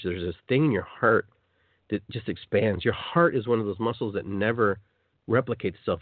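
A man hosting a spiritual self-help radio show, talking in an animated way and acting out the voices he quotes. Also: lowish voice, dry recording. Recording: tinny phone-like dry line.

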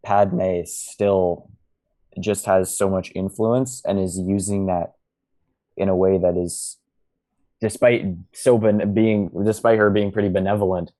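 Deep, flat-voiced man podcast co-host. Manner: measured, thoughtful, halting restarts. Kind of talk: casual podcast discussion.

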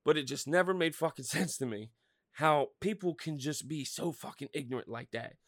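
A man's voice: fairly high pitch, normal speed, no room sound, clean studio sound. A man from Pennsylvania hosting a solo podcast, ranting heatedly and swearing constantly. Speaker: podcast host.

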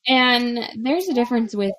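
A woman's voice: on the high side, moderate pace. A young woman co-hosting a casual podcast about parenting, chatting and laughing easily. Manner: relaxed, chatty, laughs often. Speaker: podcast co-host, mother. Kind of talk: casual chat.

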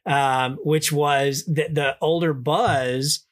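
A man's voice: a little high, steady tone, slow pace. A man co-hosting a podcast, rambling and wry in casual chat. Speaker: podcast co-host.

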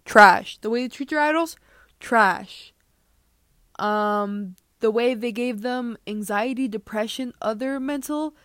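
A young woman rants on her podcast in a loose, joking ramble, often dropping to a whisper for quick asides. Her voice sits a little high. The recording is close and completely dry, with no room sound. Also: no room sound. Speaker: podcast host. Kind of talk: casual rant.

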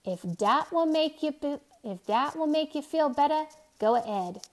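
A weathered old seaman, put on by a woman reading a storybook aloud, speaks in a lilting dialect. His voice sits fairly high for an old man and carries loud, urgent calls. He stays steady and protective. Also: measured pace.

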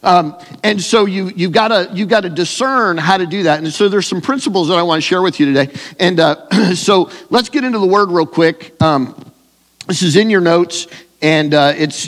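A pastor talks his congregation through scripture in an easy conversational sermon, often stopping to restart a thought. His voice sits a touch high for a man. A long hall reverb trails each phrase. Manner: conversational preaching with fillers and restarts.

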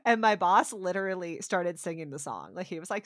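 A woman co-hosting a podcast, casually recapping a TV episode as a lively storyteller who acts out the quotes. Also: lowish voice, fairly quick, dry recording, studio quality. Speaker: podcast co-host.

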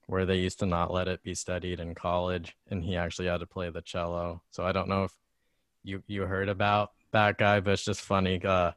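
A young American man with a fairly low voice talks in a loose, rambling way, dropping fillers as he goes. His tone is upbeat and friendly, and the recording is dry and close. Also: completely flat delivery, brisk, fairly bright tone, no room sound. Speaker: host, guitarist. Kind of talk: casual chat.

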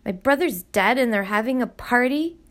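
A woman voicing a glum, bitter boy who mutters and flatly recites his lines in a storybook reading. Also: fairly high pitch, normal speed, pitched above the performer's own voice.

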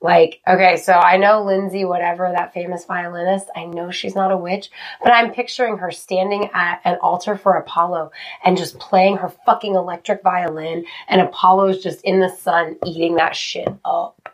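A woman's voice: on the low side, fairly even intonation, normal speed. A woman co-hosting a podcast in casual chat, talkative and swearing freely, with a way of speaking. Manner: chatty, swears freely, tearful when moved. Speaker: podcast co-host.

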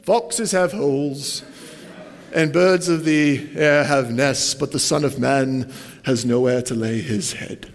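A man voicing a gentle male teacher with a put-on British accent, speaking slowly and solemnly. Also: medium pitch, steady tone, big-room sound.

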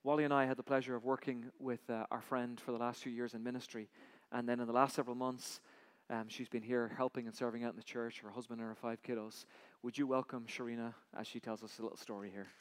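A man preaching a sermon, telling a story dramatically, acting out voices and swinging from loud outbursts to hushed lines. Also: mid-range voice, little pitch movement, fast talker. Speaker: pastor. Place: church sanctuary. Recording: church hall reverb.

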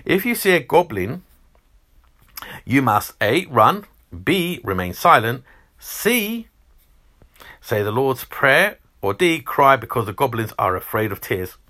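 A man's voice: mid-range voice, slow pace, pauses often. A man hosting a Christmas quiz, reading out multiple-choice questions and teasing the contestants. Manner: animated, teasing, reads multiple-choice options. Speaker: quiz host.

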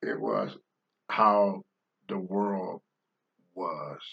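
An older man on a talk show, blunt and preachy, swinging from low mutters to loud outbursts. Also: very animated, drawn-out words, creaky, dull audio. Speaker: podcast host, former wrestler. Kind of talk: candid talk-show commentary.

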